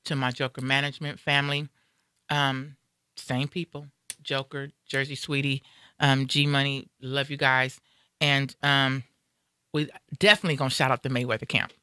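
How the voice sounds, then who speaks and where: Bright-voiced chatty woman host. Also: extremely low pitch, smooth, dry recording, clean studio sound. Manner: chatty and rambling, with many fillers and restarts. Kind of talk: casual live talk show.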